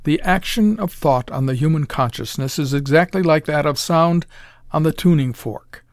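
A man's voice: a little high, normal speed, no echo, clean studio sound, close to an everyday voice. A man reading a suave, menacing mad-scientist villain. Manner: smooth, calm, condescending.

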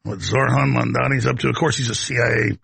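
Gravelly, raspy talk show host. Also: male voice, mid-range voice, quick pace, dry recording. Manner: rambling, heated, excitable. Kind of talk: talk radio rant.

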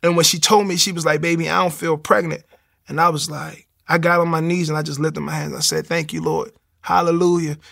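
A man tells his faith story in a casual interview. His voice is gravelly and bright and sits a little high. He acts out what people said to him. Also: a little fast. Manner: animated storytelling, acts out quotes. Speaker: guest sharing testimony.

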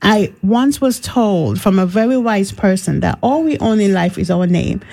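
A woman hosting an interview show, with a mellow, rounded voice. She speaks in formal, measured phrases as she introduces her guest. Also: medium pitch, lively intonation, gravelly, poor audio. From Montserrat. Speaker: radio program host. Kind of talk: hosted interview.

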